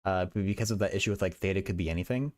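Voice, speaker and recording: A man's voice: sits low, racing, a little mellow. A young man livestreaming while he does math homework, chatting casually and often stammering and repeating words.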